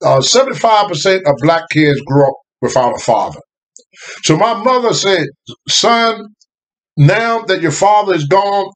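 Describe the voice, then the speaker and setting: An older man telling a family story in casual, animated talk, laughing and raising his voice at the big moments. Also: a little high. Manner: animated, laughing, rising to shouts at the climax. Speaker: storyteller guest.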